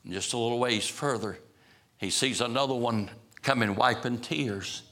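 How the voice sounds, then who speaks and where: A man's voice: mid-range voice, moderate pace, bright, forceful tone. A man preacher retelling a story in a vivid sermon, building emphasis as he goes.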